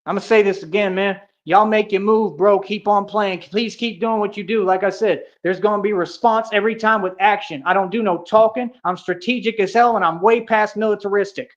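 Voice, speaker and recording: A man's voice: high-pitched, steady tone, fairly quick, hardly any pauses. A man on a livestream, ranting in a confrontational, boastful way, full of street slang and 'bro' and 'real talk'. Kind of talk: heated livestream rant. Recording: dull lo-fi stream audio.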